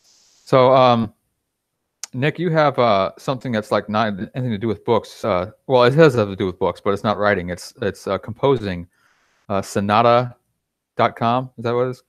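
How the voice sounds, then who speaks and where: A man hosting a casual interview chat, chatty and rambling, quick to laugh. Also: mid-range voice, dry recording, clean studio sound. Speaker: podcast host.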